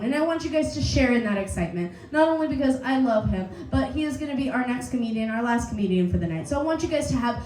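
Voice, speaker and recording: A woman hosting a comedy night, telling an animated story full of laughs and swearing before introducing the next comic. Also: high-pitched, echoey room, low-quality recording. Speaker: comedy show host. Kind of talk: stand-up host introduction. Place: pub comedy stage.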